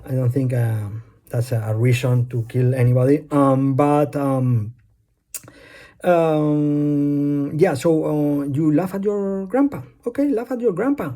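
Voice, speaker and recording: A man's voice: fairly high pitch, fairly even intonation, slow, warm tone. Hesitant man with a Spanish accent. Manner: hesitant, many fillers, loses his thread. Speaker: vlogger. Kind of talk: rambling personal monologue. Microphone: phone.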